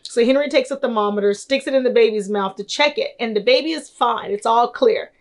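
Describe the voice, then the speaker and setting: A woman's voice: a little high, a little fast. Rambling, giggly woman reviewing a film. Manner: rambling, giggly, lots of fillers. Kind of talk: casual film review chat.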